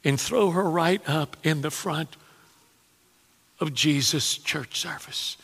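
A man preaching a sermon, telling stories with dramatic pauses and chuckling asides. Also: on the high side, gravelly, a bit bright, husky. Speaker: pastor. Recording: long hall reverb.

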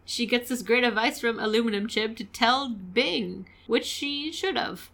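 A woman co-hosting a casual podcast, chatty and quick to laugh. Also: a little high, gravelly, fairly bright tone. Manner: giggly, chatty, laughs often. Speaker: podcast co-host.

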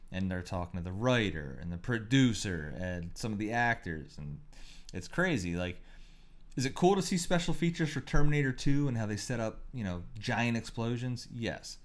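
A man co-hosting a podcast, telling rambling, animated stories in casual chat and swearing freely. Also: fairly low pitch, moderate pace. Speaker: podcast co-host.

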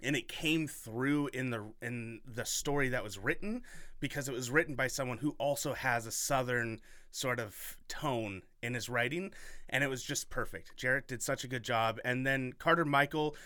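A man's voice: mid-range voice, normal speed, sharp tone, no echo, clean studio sound. A man hosting a podcast in casual chat, rambling and enthusiastic with lots of fillers. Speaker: podcast host.

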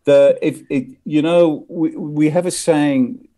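A man's voice: fairly high pitch, steady tone, takes it slowly, warm tone. An older man who grew up in the Belgian Congo, telling rambling anecdotes as a guest in a casual interview. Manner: rambling anecdotes with frequent murmured agreement.

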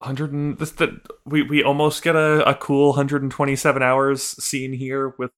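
A man chatting casually as a podcast co-host, his voice bright and forceful at a middling pitch. He rambles and swears, stopping and restarting his sentences. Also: monotone, moderate pace, clear, resonant tone. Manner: rambling, profane, many restarts and fillers. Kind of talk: casual recap chat.

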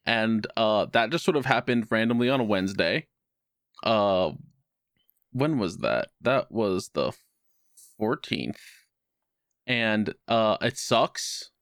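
A man on a podcast, telling a personal story in casual chat with a wry tone and quick put-on voices for other people. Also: fairly low pitch, lively intonation, fairly bright tone, no room sound, studio quality. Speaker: podcast co-host.

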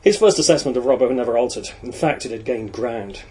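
A man narrating a novel in a measured, even storytelling voice. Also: medium pitch, breathy edge, rough recording. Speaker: audiobook narrator. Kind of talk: reading a novel aloud.

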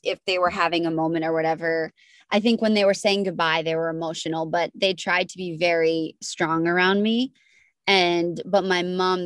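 Young woman guest, kinda low voice, earnest storytelling, lots of restarts, super dry close sound. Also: no echo. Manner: earnest, with many restarts and fillers. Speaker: podcast guest. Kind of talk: emotional storytelling interview.

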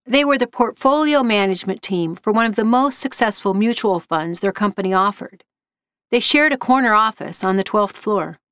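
A woman reading a scripted story aloud in an even, measured way. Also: medium pitch, clear, resonant tone, dry recording, clean studio sound. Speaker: narrator.

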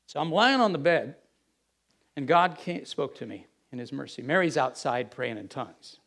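A man's voice: mid-range voice, animated, moderate pace, a bit bright. A middle-aged man, a pastor, telling a candid confessional story in a sermon.

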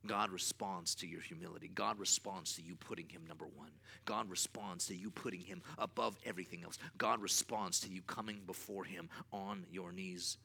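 A man preaching a sermon as pastor, with emphatic repeated refrains and swings from loud to quiet. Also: sits low, steady tone, normal speed, creaky, few pauses, slight background noise.

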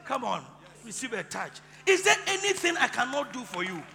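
A male pastor preaching a sermon, leading the congregation in call and response and building up to shouting. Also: very high voice, big pitch swings, brisk, gravelly. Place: large church hall. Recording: reverberant hall with music.

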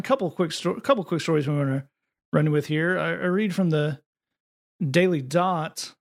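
A man's voice: a little high, normal speed, gravelly. A man hosting a casual podcast chat, talking in a sardonic, mocking way. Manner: sardonic, mocking delivery with animated read-out quotes. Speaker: podcast host.

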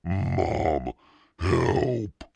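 A terrified young boy, as a man plays him begs and stammers in panic. His voice jumps well above the narrator's deep tone and comes out loud and shaky. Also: lively intonation, slow, creaky, husky, no echo, heavily acted. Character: frightened young boy in bug costume.

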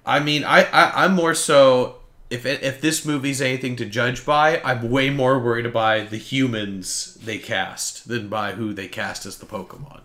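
A man chatting casually about a movie with a friend, talking in quick, animated bursts. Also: mid-range voice. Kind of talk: casual chat.

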